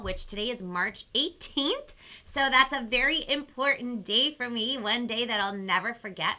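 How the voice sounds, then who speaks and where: A woman's voice: a little high, bright, forceful tone. Young woman host, sing-songy and chirpy, talks right to the kids watching. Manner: bubbly, sing-song, talks straight to viewers. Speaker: children's show host. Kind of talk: bilingual live-stream lesson.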